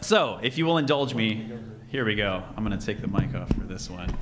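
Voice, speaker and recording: A man's voice: on the low side, lively intonation, brisk, background noise. A man speaking at an event as speaker and emcee, earnest and chatty, often amused at himself, in front of a live audience in a room. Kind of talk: speech and joke to a live audience.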